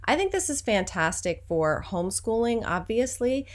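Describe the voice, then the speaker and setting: A woman's voice: on the high side, sing-song, moderate pace. A woman vlogger and homeschooling mom, talking in a chatty, upbeat way with a sponsor read. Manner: chatty, upbeat, many fillers. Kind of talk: casual vlog with sponsor read.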